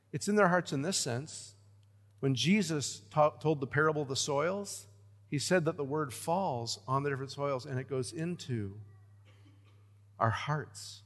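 A pastor preaching a sermon, with lively swings between loud emphatic lines and hushed, low ones. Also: male voice, in a large hall.

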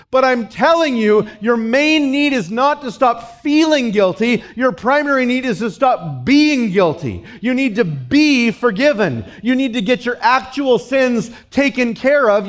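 A man preaching a sermon as pastor, pressing his points with emphatic repetition and dropping low and soft for quoted lines.

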